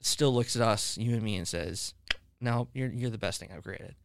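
A man's voice: mid-range voice, moderate pace, gravelly, clean tone, no echo, clean studio sound. A man hosting a podcast, chatting casually about faith with guests and telling long stories full of fillers and restarts. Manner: rambling storyteller, many fillers and restarts. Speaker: podcast host.

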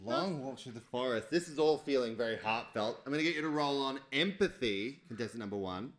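A man's voice: mid-range voice, lively intonation, fairly quick. A man hosting a live comedy dating game on stage, teasing the players and calling for dice rolls. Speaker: game show host and game master.

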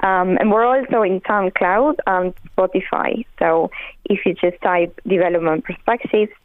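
A woman's voice: mid-range voice, moderate pace, dry recording. A woman speaking as a radio guest, giving helpful answers with lots of um's. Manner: helpful, many fillers. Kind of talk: interview answers. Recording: phone line.

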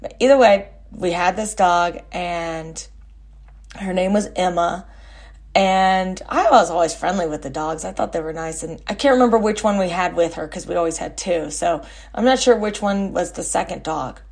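A woman in her forties with a somewhat low voice tells a story from her childhood. She rambles and backtracks, correcting herself and filling pauses. She hosts her own podcast and speaks as casual storytelling. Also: a little mellow. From Texas. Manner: rambling, self-correcting, with many fillers. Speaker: podcast host.

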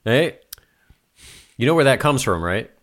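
A man's voice: medium pitch, big pitch swings, a little slow, a bit bright. A man co-hosting a podcast, chatting casually and wryly teasing his friends. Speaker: podcast co-host. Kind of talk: casual chat.

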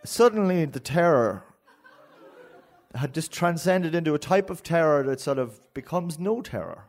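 An Irish man telling a story live on stage, in an animated, rambling way. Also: on the high side, normal speed. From Ireland. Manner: rambling and animated, with frequent restarts and laughs.

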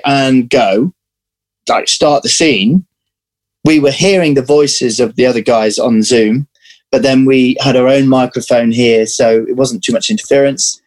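A man talking as an interview guest, animated and chatty, often breaking off and restarting his sentences. His pitch sits in the middle range for a man. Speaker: actor guest. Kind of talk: casual interview chat.

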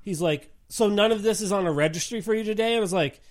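A man with a high voice tells a story in casual chat. He swears freely and acts out each line of dialogue in an animated way. The talk is loose and conversational. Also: fast. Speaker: podcast co-host.

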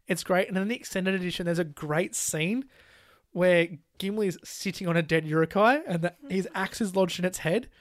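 A podcast co-host in a casual film chat, talking fast with lots of "like" fillers and acting out quoted lines from scenes. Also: medium pitch, dry recording, studio quality. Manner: animated, full of "like" fillers, laughs while retelling scenes.

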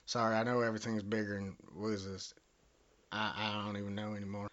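A man's voice: on the low side, flat delivery, fast, a bit bright. A man with a Southern US accent making a prank phone call, rambling, bumbling and cursing as he talks. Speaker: prank caller.

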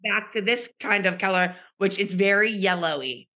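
Middle-aged woman on a podcast call, bright voice, animated storytelling, does voices for the people she quotes. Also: mid-range voice, normal speed. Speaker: podcast co-host. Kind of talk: casual storytelling chat.

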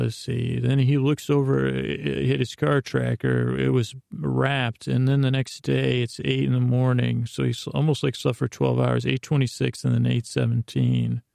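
Very gravelly, flat-voiced drowsy man. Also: mid-range voice, no echo, studio quality. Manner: meandering, hesitant, full of asides; drowsy, unhurried. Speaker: podcast host. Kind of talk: rambling bedtime recap.

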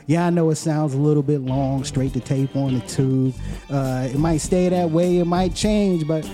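Joking podcast host man, music under. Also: fairly high pitch. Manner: loose, joking, drawn-out emphasis. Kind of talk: casual podcast banter.

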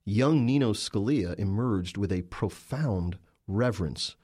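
A man's voice: fairly low pitch, animated, measured pace, mellow, breathy edge. A man, a journalist and author, answering interview questions with emphatic, storytelling narration.

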